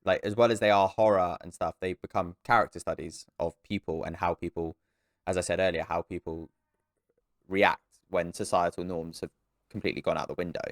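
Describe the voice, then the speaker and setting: A young man co-hosting a casual film podcast, animated and swearing, often jumping into high mocking voices. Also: a little fast, dry recording, studio quality. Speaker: podcast co-host. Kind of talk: casual film review chat.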